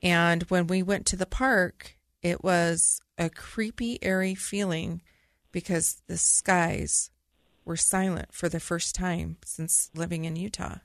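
A woman's voice: fairly low pitch, steady tone, takes it slowly, gravelly, dry recording, studio quality. A middle-aged woman, a podcast co-host, earnestly telling a personal story in vivid detail.

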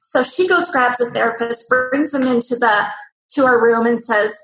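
Woman, high voice, animated storyteller, roomy echo. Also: normal speed. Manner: lively, acts out quoted voices. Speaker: interview guest.

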